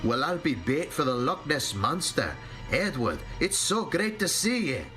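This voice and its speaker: A man's voice: a little high, big pitch swings, measured pace, bright, forceful tone, voice pushed up, full character voice. A man voicing an angry, grieving male steam engine, over background music. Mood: bitter. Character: gruff Scottish male steam engine, bitter.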